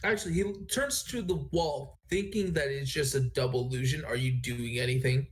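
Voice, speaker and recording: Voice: medium pitch, a little fast. A game master narrating a tabletop game, rambling and correcting themselves.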